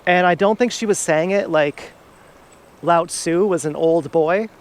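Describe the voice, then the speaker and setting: Strolling outdoors through a town, this male vlogger speaks a little slowly in a fairly high voice. His personal story wanders and sounds like a confession, with plenty of swearing. Light urban traffic hums in the background.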